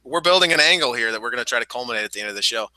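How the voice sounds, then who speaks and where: A man's voice: medium pitch, animated, rapid-fire, sharp tone, dry recording, low-quality recording. A man co-hosting a podcast in blunt, profane, teasing casual chat over a headset mic. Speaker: podcast co-host.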